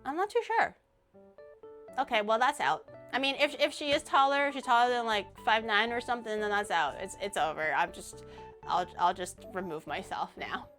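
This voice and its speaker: A woman VTuber streaming in casual, animated chat, joking at her own expense and laughing often, from a home mic setup. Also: medium pitch, a little fast, soft background music.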